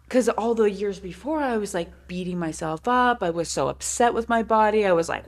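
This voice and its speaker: A woman's voice: medium pitch, moderate pace. A woman in her thirties, co-hosting a podcast in casual chat, candid and profane, with many "like" fillers. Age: 30s. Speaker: podcast co-host.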